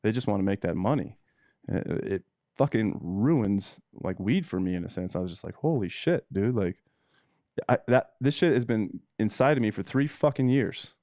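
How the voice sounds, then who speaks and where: A man's voice: on the low side, lively intonation, normal speed, mellow, no room sound, studio quality. A man who breeds cannabis seeds talks straight to camera in a casual, heated monologue, blunt and full of swearing. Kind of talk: casual ranting vlog monologue.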